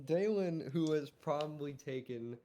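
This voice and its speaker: A man's voice: on the high side, unhurried, dark tone. A man playing a tabletop game, loosely narrating his character's actions in a casual way. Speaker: player.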